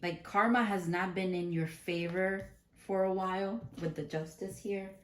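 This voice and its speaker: A woman's voice: medium pitch, steady tone, a little slow. Chatty, giggly woman reading tarot cards. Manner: chatty, giggly, thinks aloud with many restarts. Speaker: tarot reader. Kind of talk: casual spiritual card reading.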